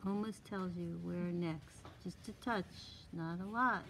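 A woman's voice: on the low side, a little slow, fairly bright tone, a little hiss or hum. A woman instructor giving a live drawing demonstration to a small class, thinking aloud as she works and coaxing with short repeated cues.

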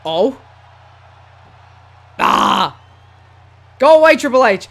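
Young-sounding guy doing wrestling game commentary, talks slow, high voice, goes from muttering to screaming. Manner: swings between muttering and shouting with excitement; casual slangy talk. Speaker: gaming YouTuber. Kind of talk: excited gameplay commentary.

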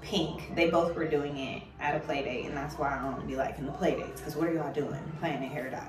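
A woman vlogger in her thirties, with a deep voice and a slightly fast pace, chats casually with her daughter. She tells funny stories in an animated way, acting out the quotes. The room is echoey, she's far from the mic, and music plays behind her.

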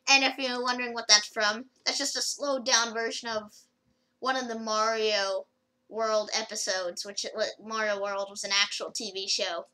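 A woman's voice: on the high side, steady tone, normal speed, bright, forceful tone, poor audio. A woman rambling casually through a gameplay video, with lots of fillers and restarts as she comments. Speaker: gaming video creator.

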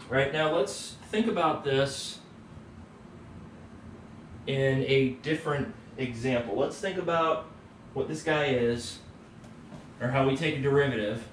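Relaxed man teaching math in a roomy room. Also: medium pitch. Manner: relaxed, tags points with "right?". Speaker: economics teacher. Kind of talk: casual math lecture. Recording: roomy, distant mic, faint background hum.

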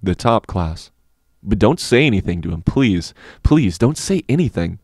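A man's voice: big pitch swings, moderate pace, a little mellow, breathy edge, no room sound, studio quality, full character voice. A man voicing a frightened young schoolboy who pleads and stammers. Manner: pleading, stammering, high-strung.

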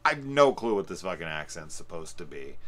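A man with a deep, low voice talks through a film review in a loose, unscripted way. He rambles, fills gaps with "um" and "like", and swears freely as he gets worked up. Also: fairly quick. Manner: profane, excitable, rambling with fillers. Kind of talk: casual spoiler discussion.

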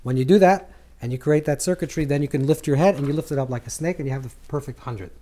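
A man teaching a Kabbalah lesson to a live group, animated, repeating words as he searches for phrasing and acting out scripture dialogue. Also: fast talker. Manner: acts out scripture dialogue with swings in pitch and volume.

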